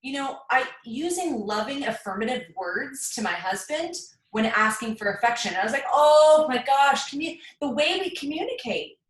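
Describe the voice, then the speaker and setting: A woman's voice: fairly high pitch, lively intonation, normal speed, hardly any pauses, a bit bright, recorded from a distance. A woman co-host in casual chat, enthusiastic and gushing. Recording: echoey room from afar.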